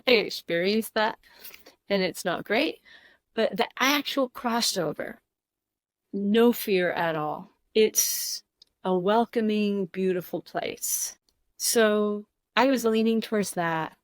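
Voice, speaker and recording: Tearful woman telling a heartfelt story, slowly. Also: mid-range voice, dry recording. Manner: halting and heartfelt, with many pauses and restarts. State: tearing up. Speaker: podcast guest. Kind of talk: personal storytelling in a podcast interview.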